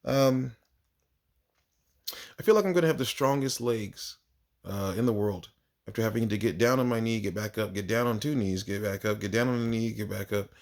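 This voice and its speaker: A man who teaches kindergarten, telling classroom stories in a casual, animated monologue. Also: lowish voice, normal speed. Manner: animated storyteller, swinging up for acted exclamations.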